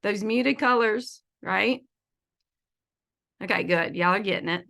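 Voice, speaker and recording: Woman, online class teacher, crisp bright tone, loose and laughing. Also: mid-range voice, steady tone, measured pace. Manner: chatty and playful, laughs often, says y'all. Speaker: feng shui consultant teaching an online class. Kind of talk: casual online presentation. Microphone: video call.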